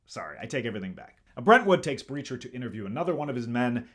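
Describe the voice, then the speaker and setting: A man's voice: medium pitch, very animated, racing, few pauses, a bit bright, slight background noise. A man hosting a comedic movie review, narrating the plot with sarcastic asides. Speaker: host.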